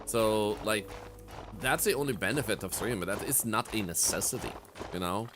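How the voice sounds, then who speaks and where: A man streams a game and chats casually, reflectively with his viewers, dropping "like" again and again. His voice sits on the low side at a normal pace, and game music plays under it, making the background noisy.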